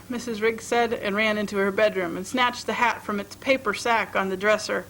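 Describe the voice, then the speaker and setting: A woman reading a short story aloud in a steady, expressive storytelling manner. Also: mid-range voice, moderate pace, a little hiss or hum, low-quality recording. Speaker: reader.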